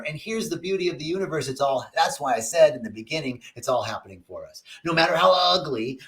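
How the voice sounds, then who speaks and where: Reflective man teaching on a livestream. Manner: reflective, animated storytelling with dramatic pitch swings. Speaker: spiritual teacher. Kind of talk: livestream talk answering viewer comments.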